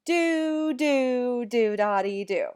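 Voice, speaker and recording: A woman's voice: fairly high pitch, lively intonation, very slow, darkish tone, clean tone. A woman teacher recording a music lesson at home, chanting rhythm syllables and talking straight to the children watching.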